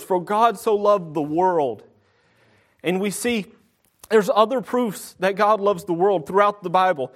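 A young man preaching a sermon, earnest and slowing down to stress each verse. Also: high-pitched. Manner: earnest, slows to stress scripture.

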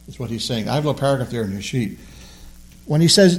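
A man's voice: medium pitch, lively intonation, fast talker, a little mellow. A man leading a Bible class, teaching emphatically and often repeating words as he stresses a point.

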